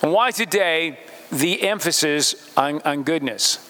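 A man with a high, bright and forceful voice delivers a sermon to his congregation. He often turns to his listeners with direct questions. His words hang in the long reverb of a church hall. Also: lively intonation, measured pace. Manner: speaks straight to the congregation with questions. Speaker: pastor.

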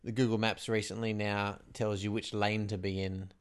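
A man's voice: fairly low pitch, little pitch movement, normal speed, smooth. A young man in casual chat as a podcast co-host, enthusiastic and rambling with lots of "like".

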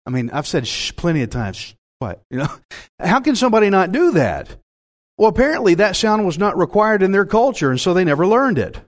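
A man's voice: high-pitched, a little fast. A man with a Texan accent preaching a sermon in a folksy, self-mocking way, laughing at his own jokes. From Texas. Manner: folksy, animated, laughs at himself. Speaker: pastor.

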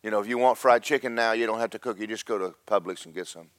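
A man preaching a sermon as pastor, swinging from slow loud emphasis to quick quiet asides. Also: fairly low pitch, smooth, no echo.

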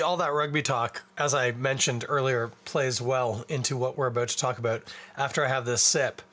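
A young man with a Canadian accent and a bright, forward tone talks at a middling pitch. He hosts a podcast alone and chats in a loose, rambling way, poking fun at himself as he goes. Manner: rambling, self-deprecating, chatty while eating and drinking. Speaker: podcast host. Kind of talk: casual solo podcast chat.

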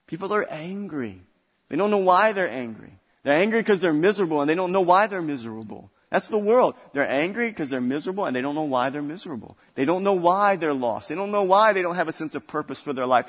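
A man delivers a sermon as pastor, his voice sitting a little high. He drives his points home by repeating phrases with growing force. The sound rings out in a hall with a long echo. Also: lively intonation, fairly quick. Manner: preaching with rising intensity and repetition.

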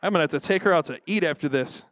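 A man preaching a sermon in a lively, joking way, often acting out quoted voices. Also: a little high, very fast, no echo, studio quality. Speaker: pastor.

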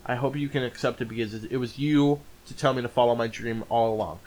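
A man's voice: medium pitch, fairly even intonation, quick pace, darkish tone, pitched below the performer's own voice, natural voice. A man voicing a heartbroken young woman who says goodbye in a subdued, earnest way. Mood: sad farewell.

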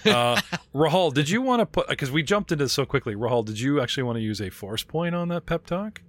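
A man narrating and running a tabletop role-playing game as game master, animated and laughing, slipping into quick character voices. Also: a little high. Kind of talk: narrating a tabletop game over video call. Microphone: video call.

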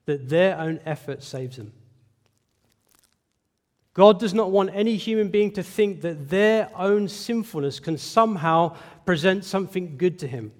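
Male pastor, slightly high voice, earnest emphatic sermon, long reverb of a large hall. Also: a little mellow. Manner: earnest, emphatic preaching with rhetorical questions.

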